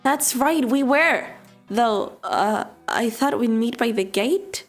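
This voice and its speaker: Woman doing a bright firm schoolgirl. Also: on the high side, expressive, slow pace, faint music behind. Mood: earnest. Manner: firm, insistent. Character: protective teenage schoolgirl, firm. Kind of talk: voicing a visual novel.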